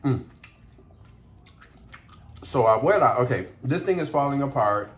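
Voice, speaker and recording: A man's voice: mid-range voice, expressive, measured pace, fairly bright tone. A man vlogger eating on camera while telling a story, chatty and laughing, mixing in Spanish words. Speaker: mukbang vlogger.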